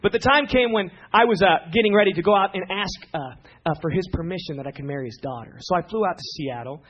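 Male preacher, high husky voice, animated storytelling, dull lo-fi sound. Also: quick pace. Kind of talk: sermon storytelling. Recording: dull lo-fi recording.

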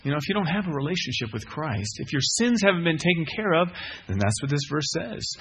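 A man's voice: a little high, sing-song, fast talker, a bit bright, slightly rough. A middle-aged man preaching a sermon, earnest, repeating key phrases and putting questions to the listeners. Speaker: pastor.

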